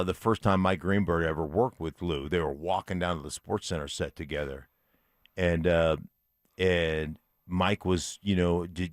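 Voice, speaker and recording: A man with a fairly low voice tells a story on a sports radio morning show. He talks casually and animatedly, with a close, dry studio sound. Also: no room sound. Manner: animated storyteller, loud put-on shouts.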